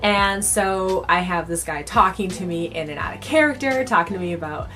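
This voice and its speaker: A woman's voice: lowish voice, normal speed, sharp tone, soft background music. A young adult woman telling a casual storytime, chatty and full of "like" fillers. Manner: chatty, filler-heavy with frequent "like". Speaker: cosplay vlogger.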